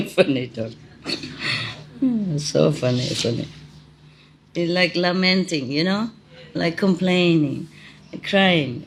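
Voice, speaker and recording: A middle-aged woman gives a relaxed spiritual talk in an unhurried, drawn-out way. She speaks in simple non-native English, chatty and often breaking into laughter. A faint hiss of noise sits under her voice. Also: low voice. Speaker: spiritual teacher. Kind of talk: informal spiritual talk and storytelling.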